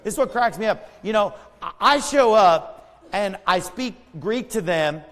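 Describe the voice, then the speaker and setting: A man's voice: high-pitched, lively intonation, unhurried, fairly bright tone, long reverb tail. An American man preaching a sermon, emphatic and conversational, with asides and repeated words. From United States. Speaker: pastor.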